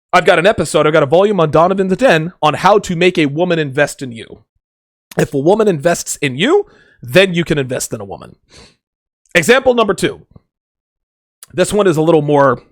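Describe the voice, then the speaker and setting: Animated, blunt man giving dating advice. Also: on the high side, dry recording, clean studio sound. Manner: blunt, joking, swears freely; acts out quoted voices. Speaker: podcast host. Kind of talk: casual dating-advice monologue.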